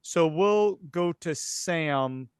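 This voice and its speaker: Smooth-voiced man running a horror game. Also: fairly high pitch, very slow, no room sound, studio quality. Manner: hesitant, many fillers and restarts. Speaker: game master. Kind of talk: narrating a tabletop game.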